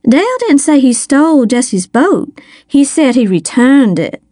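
A genteel, theatrical older lady who gushes over everyone in a high, sweet voice, as a woman reader puts her on. She speaks slowly and grandly, recorded close and dry for a storybook. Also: very animated, warm tone, no room sound, heavily acted. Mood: gushing.

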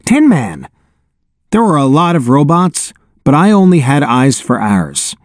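A man narrating an audiobook in an expressive, wry first-person telling, on a close studio mic. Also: fairly high pitch, unhurried, dry recording.

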